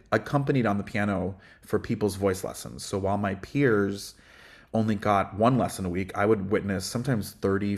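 Chatty man with a low bass voice. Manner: reflective, chatty, frequent ums. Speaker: podcast guest, voice teacher. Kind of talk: casual podcast conversation.

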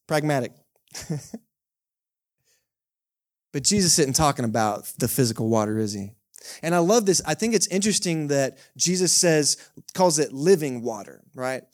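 Male pastor, fairly high voice, casual humorous sermon style. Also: lively intonation, normal speed, pauses often, a little mellow. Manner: conversational, joking, keeps asking the congregation "right?". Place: church service held in a cinema.

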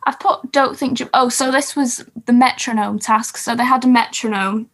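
A woman's voice: a little high, fairly even intonation, normal speed, fairly bright tone, rough recording. A woman co-hosting a podcast, recapping TV shows in casual, rambling chat and laughing often. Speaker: podcast co-host.

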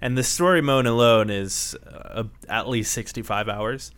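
A man co-hosting a podcast, talking in a measured, casual way with short pauses and fillers. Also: mid-range voice, fairly bright tone, clean tone, no room sound. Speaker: podcast co-host. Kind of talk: casual chat.

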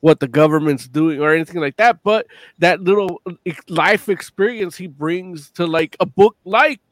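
A man co-hosting a casual podcast chat, relaxed and a little halting. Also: high voice, no echo. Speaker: co-host.

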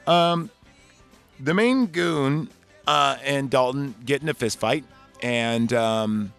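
Male podcast host, casual and profane, rambling recap delivery, faint music bed. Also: medium pitch. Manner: rambling, profane, animated retelling. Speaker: podcast host reviewing a movie. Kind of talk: casual chat.

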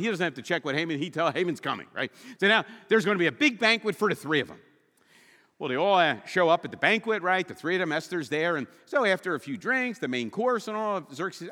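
A male pastor preaching a sermon with animated, humorous storytelling. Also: high voice, a little fast, in a large hall.

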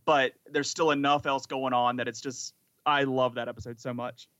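A man's voice: mid-range voice, flat delivery, normal speed, a bit bright, dry recording. A man co-hosting a podcast in casual chat, talking eagerly and rambling with lots of fillers. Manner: enthusiastic, rambling, many "like" fillers. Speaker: podcast co-host.

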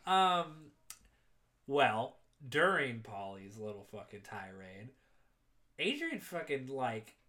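A young man casually recapping a movie on a podcast, swearing a lot and laughing through animated retellings. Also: medium pitch, slow pace. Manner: profane, laughing, animated retelling with quoted voices. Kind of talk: casual chat.

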